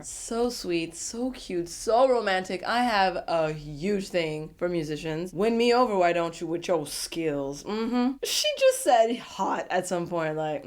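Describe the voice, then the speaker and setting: A woman giving a casual, animated, sassy recap of a reality show episode and laughing often. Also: lowish voice.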